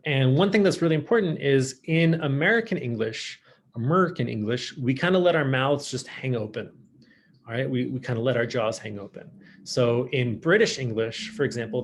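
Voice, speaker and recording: A man with a Californian accent, teaching a French class online and modelling French words slowly and clearly. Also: medium pitch.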